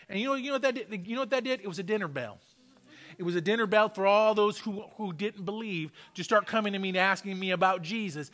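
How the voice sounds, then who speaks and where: A man's voice, high-pitched, brisk and sharp, carries a sermon through a church sanctuary. As a pastor he tells a testimony and exhorts his listeners by repeating his points emphatically.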